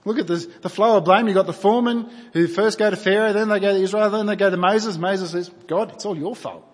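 A pastor with a high voice and fairly even intonation preaches fast, sounding earnest and conversational. He poses rhetorical questions to his listeners, and a long hall reverb trails his words.

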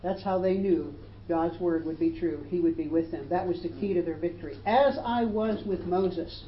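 A woman's voice: deep voice, steady tone, brisk. Woman preacher, emphatic sermon delivery, roomy dull recording. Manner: emphatic preaching, rising for scripture quotes. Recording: roomy, dull, faint hiss.

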